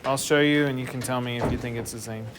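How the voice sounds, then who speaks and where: Teaching a math lesson, a man of medium pitch and fairly even intonation moves quickly, breaking things down step by step and quizzing his students. It's a noisy classroom recording.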